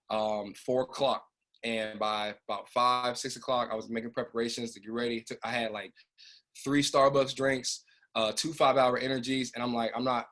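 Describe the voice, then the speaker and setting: Man telling an emotional personal story. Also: mid-range voice. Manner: emotional, animated, conversational. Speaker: business trainer.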